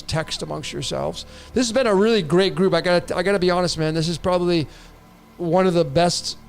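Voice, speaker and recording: Man, tarot livestream host, loose and rambling with restarts, higher voice. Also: vocal fry. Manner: rambling, repetitive restarts, casual swearing. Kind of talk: casual livestream reading.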